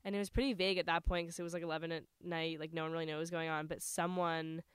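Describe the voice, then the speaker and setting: A woman's voice: sits low, flat delivery, clear, resonant tone, no room sound, studio quality. A young college woman from New York chatting casually with a friend, rattling on with lots of "like" fillers. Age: young adult. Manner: fast, chatty, frequent "like" fillers. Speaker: college student co-host. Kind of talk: casual chat.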